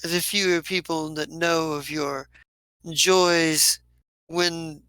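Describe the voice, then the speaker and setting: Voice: medium pitch, steady tone, takes it slowly, pushed and bright, clean tone, no room sound, low-quality recording. A game master voicing a snobbish elf woman who speaks primly and hesitantly.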